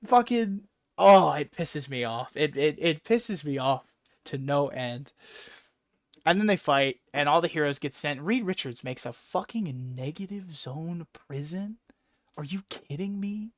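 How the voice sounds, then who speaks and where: A man hosting a casual chat, talking fast and excitably, swearing and acting out characters' lines, his throat a bit sore. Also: a little high, no echo, clean studio sound. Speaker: podcast host.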